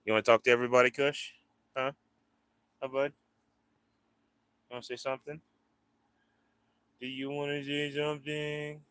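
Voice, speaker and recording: A man's voice: mid-range voice, little pitch movement, moderate pace, long pauses, fairly bright tone, clean tone, no room sound. A man hosting a casual livestream, rambling to his viewers and cooing at his pets. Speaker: livestream host.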